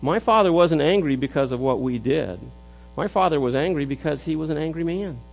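A man's voice: on the high side, brisk, vocal fry, a little hiss or hum, rough recording. A middle-aged man preaching a sermon in an earnest way, often repeating words as he builds a point. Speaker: pastor.

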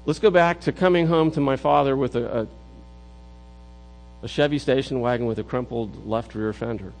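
A man's voice: medium pitch, moderate pace, darkish tone, soft background music, poor audio. A middle-aged man preaching a sermon in an earnest way, often repeating words as he builds a point. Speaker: pastor.

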